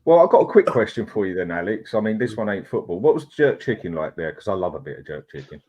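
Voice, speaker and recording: Brief: easygoing male host, lower voice, measured and reasonable. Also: very animated, darkish tone. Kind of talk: casual debate chat.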